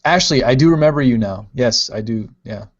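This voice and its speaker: A man's voice: mid-range voice, lively intonation, a little fast. Casual man reading live chat. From Ohio. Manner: rambling, playful, reads out viewer comments. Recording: dull lo-fi stream audio.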